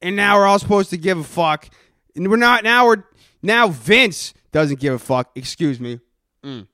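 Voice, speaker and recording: Comedic male podcast host in character, profane aggressive rant, a little high-pitched, dead-dry sound. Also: expressive, normal speed, pushed and bright, dry recording.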